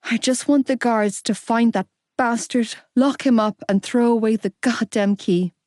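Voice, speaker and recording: A woman's voice: on the high side, a little slow, darkish tone, no echo, lightly acted. A woman voicing a heartbroken, fiercely loyal young woman close to tears in an audiobook. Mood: weary. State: crying.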